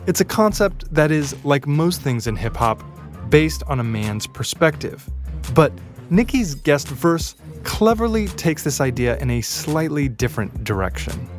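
A man's voice: a little high, big pitch swings, a little slow. Man narrating with wry asides. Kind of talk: scripted documentary narration. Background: faint music bed.

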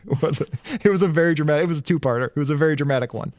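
A man's voice: a little high, racing, darkish tone, no room sound. A young adult man on a podcast, recapping with wry, profane humor. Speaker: podcast co-host. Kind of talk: casual chat.

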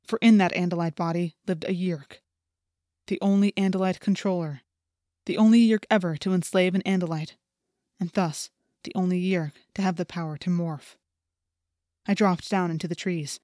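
A woman's voice: lowish voice, dark tone, no room sound. Woman reading a tense audiobook, dry close. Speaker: audiobook reader. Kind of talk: first-person audiobook narration.

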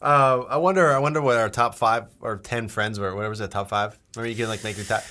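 A man's voice: on the low side, steady tone, fast talker, bright, forceful tone. A man co-hosting a casual podcast chat, joking around, swearing and laughing often. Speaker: podcast co-host.

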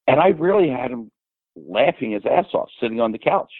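An older man as a podcast guest, rambling and animated as he tells stories and quotes people. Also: medium pitch, fairly quick, no echo. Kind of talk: casual storytelling. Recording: tinny phone-like line.

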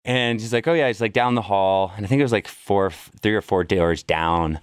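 A man with a very low voice tells a story in a loose, casual way. He gets animated and pushes his pitch way up for quoted lines. The sound is dry and close. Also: normal speed, smooth, no room sound. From worked in San Francisco. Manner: animated storyteller, jumps high when quoting people. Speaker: podcast guest.

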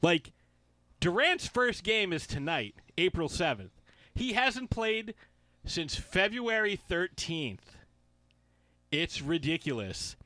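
A man's voice: sits high, sing-song, takes it slowly, pauses often, bright, forceful tone, no echo. A man co-hosting a casual sports podcast, ranting and swearing freely, often mimicking heckling fans. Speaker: podcast co-host.

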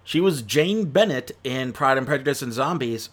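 A man's voice: mid-range voice, expressive, normal speed, few pauses, fairly bright tone. Chatty, rambling man reviewing films. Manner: rambling and chatty, full of fillers and self-corrections. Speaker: movie reviewer. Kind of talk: casual spoken film review.

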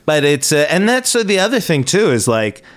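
A man's voice: on the high side, sing-song, moderate pace. A man hosting a podcast, chatting casually and agreeing often in an easygoing way. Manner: easygoing, lots of agreeing fillers and restarts. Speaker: podcast host. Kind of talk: casual chat.

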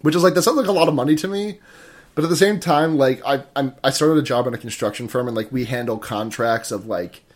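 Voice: mid-range voice, fast. A young adult co-hosting a casual movie podcast, rambling and profane, full of filler words. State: coughing. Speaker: podcast co-host.

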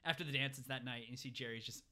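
A man co-hosting a podcast, chatting casually as he recaps a film scene by scene with lots of fillers and quick quoted lines. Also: medium pitch, steady tone, pushed and bright. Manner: rambling retelling with many fillers and quick quoted voices. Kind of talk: casual chat.

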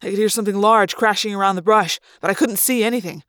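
A woman narrating a young-adult novel as a dramatic audiobook reading, slow and deliberate. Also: mid-range voice, fairly even intonation, noisy background.

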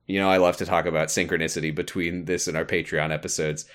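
A man's voice: low-pitched, little pitch movement, quick pace, fairly bright tone. A man co-hosting a podcast, recapping an episode in casual chat, laughing often and swearing casually. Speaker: podcast co-host.

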